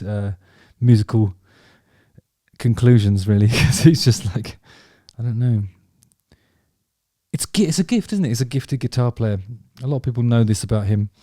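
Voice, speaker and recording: A man's voice: mid-range voice, dark tone, dry recording, clean studio sound. A man chatting casually about favourite songs, rambling and enthusiastic, with many ums and restarts. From England. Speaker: vlog host talking about music.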